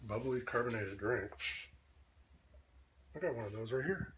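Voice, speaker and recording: Canadian man, dry smart-aleck vlogger, unhurried delivery, mid-range pitch, faint noise behind. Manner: slow, deadpan, smart-aleck. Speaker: vlogger in a sasquatch persona. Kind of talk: casual accent-tag word list.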